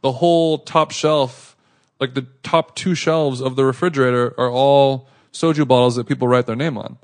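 Man, podcast co-host, casual rambling storytelling, mid pitch. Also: moderate pace. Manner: rambling, animated anecdote with acted quotes.

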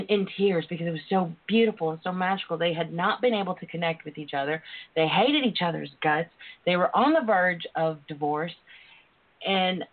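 Earnest woman on a tinny phone line. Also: medium pitch. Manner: earnest, emotional, addresses listeners as darlings. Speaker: guest author and sex educator. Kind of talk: casual call-in interview talk.

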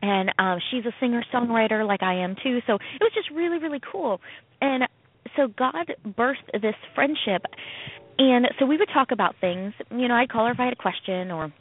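A woman co-hosting a casual radio chat, telling a story in an animated way and acting out quoted voices. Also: a little high, moderate pace, husky, no echo. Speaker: co-host, comedian. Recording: tinny phone-like radio sound.

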